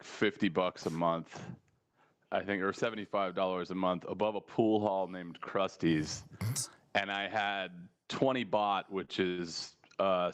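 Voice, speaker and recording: A man with a fairly low voice tells a rambling story in casual podcast chat. He laughs often and slips into little impressions of the people he quotes. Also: clean tone. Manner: laughs often while telling stories; animated, mimics people he quotes.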